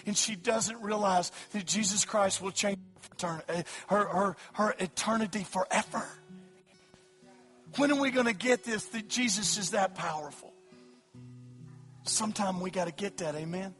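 A man preaching an evangelistic sermon at a church service, his delivery swinging from hushed pleading to loud shouting. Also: high voice. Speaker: pastor.

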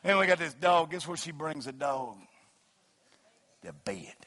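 Preaching man, high voice, swinging to shouts. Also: a little fast. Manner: preaching, rising to loud shouts, then joking anecdotes. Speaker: pastor. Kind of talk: sermon with humorous storytelling.

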